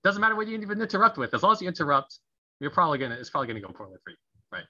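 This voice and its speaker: A man's voice: on the high side, racing. Guy coaching on a podcast, acts out phrases and laughs a lot, kinda dull lo-fi audio. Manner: animated, laughs often, acts out sample phrases. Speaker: guest, conflict resolution coach. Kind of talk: casual podcast interview.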